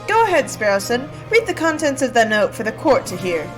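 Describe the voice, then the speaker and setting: A woman voicing a grumpy, impatient male bird judge, reading game dialogue in a gruff, cranky manner. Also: fairly high pitch, big pitch swings, music in the background. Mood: irritated. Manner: gruff and cranky, quick to anger.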